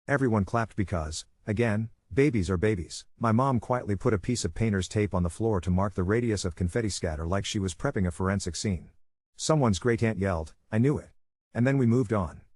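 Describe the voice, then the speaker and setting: A man's voice: fairly low pitch, darkish tone, dry recording. A man narrating a first-person story in a dry, wry storytelling manner.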